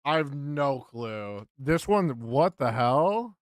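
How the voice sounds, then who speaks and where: A man's voice: mid-range voice, expressive, takes it slowly, dry recording, studio quality. A young man live-streaming, chatting to his viewers as he guesses games, muttering and swearing at misses. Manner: hums game tunes under his breath.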